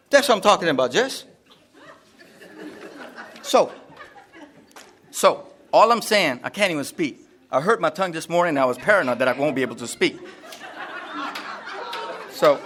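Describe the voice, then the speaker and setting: A man's voice: a little high, big pitch swings, normal speed, pauses often, fairly bright tone, a faint crowd. A man giving a rambling, jokey talk to a live seminar audience, repeating himself often. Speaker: seminar speaker. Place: seminar room.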